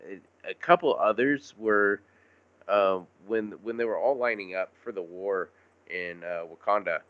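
A man's voice: on the low side, smooth, no echo, highs cut off. A man in a casual podcast chat, cursing freely and restarting sentences. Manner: swears freely, halting with restarts. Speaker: podcast co-host.

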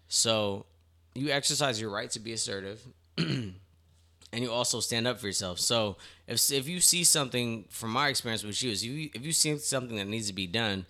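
A man's voice: mid-range voice, brisk. A man co-hosting a casual podcast, explaining his point at length and acting out what other people say. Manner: animated storytelling with acted-out quotes. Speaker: podcast co-host. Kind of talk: casual group chat.

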